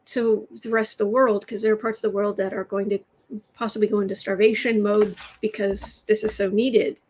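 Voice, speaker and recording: A woman's voice: medium pitch, level tone, a little mellow, a little hiss or hum, low-quality recording. A woman hosting a political tarot livestream, talking casually and sarcastically and laughing as she restarts her sentences. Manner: sarcastic, laughs often, speaks haltingly with restarts.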